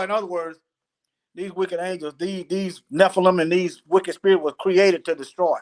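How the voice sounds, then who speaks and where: A man leading a live scripture study, reading verses aloud slowly and breaking off for casual, plain-spoken commentary. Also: high voice, a bit bright. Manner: slow, deliberate reading broken by casual asides. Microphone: phone.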